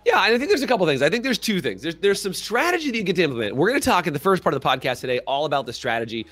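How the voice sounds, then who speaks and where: A man's voice: fairly high pitch, racing, no echo, soft background music. A man co-hosting a business coaching podcast, talking animatedly and acting out little dialogues, asking listeners to comment in the chat. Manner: animated, acts out quoted dialogue. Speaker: podcast co-host.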